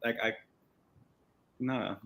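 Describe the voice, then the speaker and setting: A man's voice: extremely slow, pushed and bright. A man co-hosting a live mediumship stream, chatting in an easygoing way with plenty of fillers. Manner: easygoing, filler-heavy, says "like" often. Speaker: medium, co-host. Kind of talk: casual live-stream chat.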